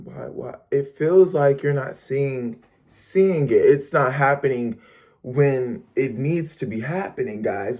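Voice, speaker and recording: A young man talking to camera in a casual motivational vlog, chatty and playful, with lively slangy asides. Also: mid-range voice. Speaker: vlogger.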